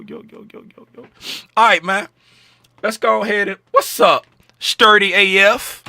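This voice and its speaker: A man hosting a trading livestream in casual chat, joking around and shouting out viewers in chat by name. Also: high voice, dry recording, clean studio sound.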